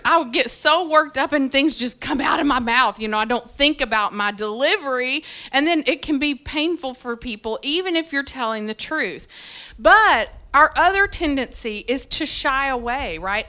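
A woman pastor preaching to a congregation, telling a candid story about herself with frequent ums. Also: fairly high pitch. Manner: lively, self-deprecating storytelling with many ums. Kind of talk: sermon. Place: church service. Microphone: handheld or stage mic with feedback when moving.

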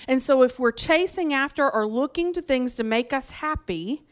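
A woman delivers a sermon in a church, talking to the congregation like friends. Her voice is smooth and clear and sits a little high. She tells personal stories with lively asides. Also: normal speed. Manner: conversational, lively storytelling with frequent asides. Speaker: preacher. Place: church sanctuary.

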